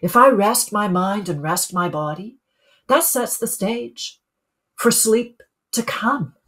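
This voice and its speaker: A middle-aged woman who coaches people on sleep, speaking calmly in a webinar and putting questions to her listeners. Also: mid-range voice, slow. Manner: calm, teaching, asks the listeners questions. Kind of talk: webinar talk.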